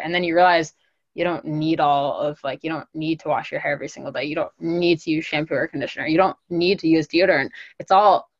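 A woman with a lowish voice tells long, rambling stories with lots of "like" and occasional laughter. She is a guest in a casual interview. The sound is dry and somewhat dull, like a lo-fi recording. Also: no echo. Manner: animated, laughing, rambling storytelling.

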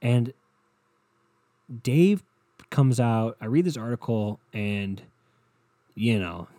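Profane rambling podcast guy, dark tone. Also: medium pitch, lively intonation, takes it slowly, dry recording. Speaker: podcast host. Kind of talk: solo podcast rant.

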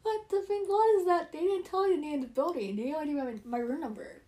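A woman in casual chat, telling stories in an animated way and laughing often. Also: high voice, fast talker. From United States.

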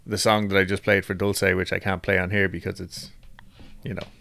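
A man's voice: deep voice, flat delivery, fairly quick, gravelly, bright, forceful tone. A man hosting a podcast in casual chat, who swears freely and laughs at himself. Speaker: podcast host.

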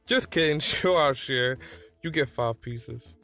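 A man's voice: high-pitched, wildly swooping pitch, measured pace, soft background music, pitched above the performer's own voice, full character voice. A man voicing a blunt, sassy teenage girl with a sweet tooth in a storybook reading. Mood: teasing. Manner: blunt, teasing, loud.

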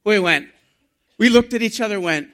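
Middle-aged man, pastor, animated storytelling sermon, bright tone. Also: high-pitched, normal speed. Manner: storytelling, animated, rising to excited emphasis.

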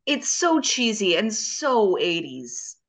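A woman with a bright, clear voice co-hosting a casual podcast chat. She drops quick, playful opinions into the conversation. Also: mid-range voice, sing-song. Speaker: podcast co-host.

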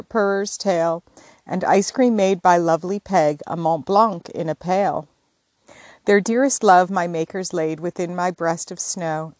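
A woman's voice: fairly low pitch, a little mellow, no room sound, lightly acted. A woman reciting as a stately snow maiden in verse. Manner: sing-song rhyming recitation.

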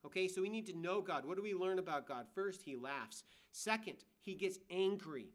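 Middle-aged male guest preacher, slightly high voice, chatty and emphatic sermon delivery. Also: expressive, normal speed, hardly any pauses. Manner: conversational, emphatic, wry asides.

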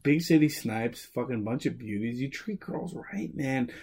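A man's voice: medium pitch, expressive, normal speed, darkish tone, slight background noise. A young man co-hosting a podcast in casual chat, swearing a lot and laughing often. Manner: profane, rowdy, laughs often. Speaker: podcast co-host.

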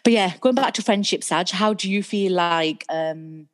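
A woman's voice: fairly low pitch, normal speed. A young woman with a Northern English accent co-hosting a podcast, talking casually and enthusiastically. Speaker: podcast co-host. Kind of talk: casual chat.

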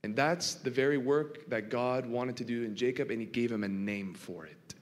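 A man's voice: medium pitch, normal speed, hardly any pauses. Man preaching with dramatic swings. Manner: dramatic, swinging from quiet to impassioned; asks the congregation rhetorical questions. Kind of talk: sermon. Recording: long reverb of a large hall.

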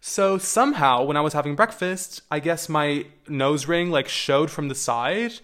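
A man's voice: a little high, a little slow, fairly bright tone. A young adult man telling personal stories to camera in a casual, candid way, swearing freely and adding wry asides. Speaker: vlogger.

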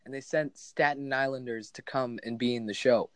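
A young man from New Jersey chatting casually as a podcast guest, telling animated stories full of acted-out quotes. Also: mid-range voice, normal speed, no echo. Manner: animated, exaggerated storytelling with mock quotes. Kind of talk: casual chat.

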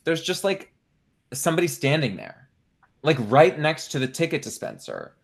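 Sassy young man with a lively voice. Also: fairly high pitch, moderate pace, vocal fry. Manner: sassy, campy banter, calls people girl, swears. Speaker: podcast co-host. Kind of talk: casual chat.

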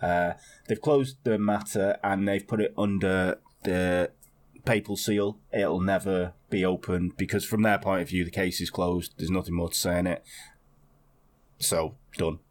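A man's voice: low voice, fairly even intonation, measured pace. A man co-hosting a casual podcast chat, rambling and wry, swearing and laughing as he tells a story. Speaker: podcast co-host.

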